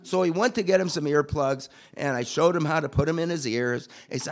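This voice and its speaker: A man telling a casual anecdote in a conversational way with deadpan asides. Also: a little high, fairly quick, gravelly. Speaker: storyteller.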